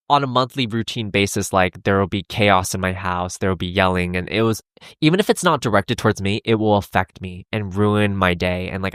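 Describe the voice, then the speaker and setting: Halting young man talking, dry sound. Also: fairly low pitch, a bit bright, no room sound. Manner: halting, earnest, many restarts and fillers. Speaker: podcast host. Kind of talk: solo confessional podcast talk.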